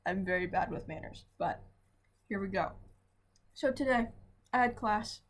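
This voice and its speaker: A woman's voice: mid-range voice, measured pace. Rambling chatty young woman vlogging. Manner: rambling and chatty, often asks "right?". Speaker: vlogger, student. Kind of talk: casual diary vlog. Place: at home.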